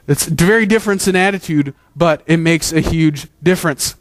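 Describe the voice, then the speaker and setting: A man's voice: sits high, normal speed, few pauses, dry recording, studio quality. A man preaching a sermon as pastor, earnest and conversational, with frequent restarts.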